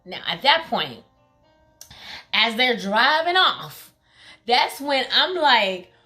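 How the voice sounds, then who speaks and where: Bright-voiced woman telling a story. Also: a little high, sing-song, slow pace, faint music behind. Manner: emphatic, heavy use of "like" and fillers; acts out quoted pleas in a raised voice. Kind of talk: casual storytime vlog.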